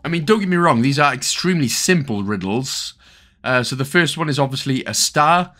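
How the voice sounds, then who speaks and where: A man's voice: medium pitch, expressive, a little fast, bright, forceful tone. A young man with a Welsh accent talking through a game guide, chatty and joking with lots of asides. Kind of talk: casual gameplay commentary.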